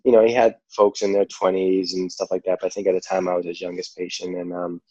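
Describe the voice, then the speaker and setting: Deep-voiced New Yorker telling stories. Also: male voice, level tone, fast, mellow, no echo, dull audio. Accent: New York. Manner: rambling, full of "like" and "you know". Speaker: podcast guest. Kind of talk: casual storytelling.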